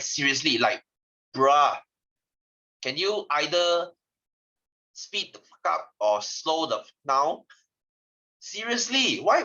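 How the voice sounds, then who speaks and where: A man with a Malaysian English accent gives a joking science lesson, his voice bright and his pitch jumping all over. He teases the class and laughs between points. The recording sounds dull and lo-fi. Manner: animated, teasing, laughs often. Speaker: science tutor.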